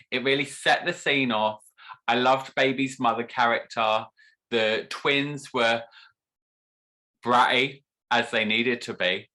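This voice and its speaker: A man's voice: mid-range voice, sharp tone. A man hosting a casual interview, playful and teasing with his guest. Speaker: host.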